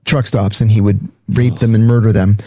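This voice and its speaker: A man's voice: fairly low pitch, level tone, brisk, dark tone, dry recording, studio quality. A man speaking as a guest, telling a story in a blunt, profane, matter-of-fact way. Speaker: podcast guest. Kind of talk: casual storytelling.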